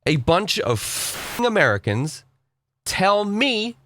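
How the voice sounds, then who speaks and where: A man's voice: high voice, big pitch swings, slow pace, pushed and bright, a little hiss or hum. A young man delivering an indignant, profane opinion rant to camera, lecturing his audience. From Britain. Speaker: vlogger.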